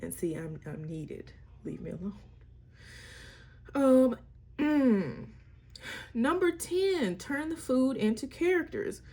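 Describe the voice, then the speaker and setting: A woman's voice: high-pitched, big pitch swings, slow pace, long pauses, dark tone, breathy edge. A young mother, chatting candidly and wryly about parenting in a casual vlog. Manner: candid, wry, slangy, breaks into playful voices. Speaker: mother sharing parenting tips. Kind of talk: casual chat.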